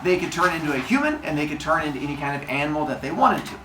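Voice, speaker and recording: A male teacher tells a myth to his class, playful and animated. His pitch leaps around with lively energy. The sound comes from a distance, with a roomy classroom echo. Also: rapid-fire, a little hiss or hum. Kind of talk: storytelling lesson. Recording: echoey room, distant mic.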